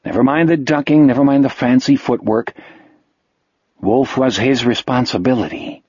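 A man narrates an audiobook in a steady, measured way, his mid-pitched voice slightly husky. The recording is dry, close and a bit dull in the highs. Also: no echo. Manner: measured storytelling. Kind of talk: scripted narration.

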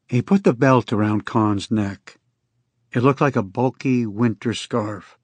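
A man reading scripted first-person narration in an even, unhurried storytelling manner. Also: mid-range voice, slightly rough, dry recording. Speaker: audiobook narrator.

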